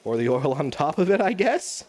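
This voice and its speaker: A man's voice: a little high, very animated, moderate pace, a little mellow. A man streaming live from his home kitchen, rambling and joking at his own expense while he cooks and talks to chat.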